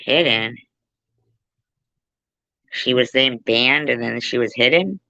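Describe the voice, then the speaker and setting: A woman's voice: a bass voice, takes it slowly, sharp tone, no room sound. A woman hosting a casual livestream, teasing and joking with her viewers. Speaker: livestream host. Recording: dull lo-fi sound.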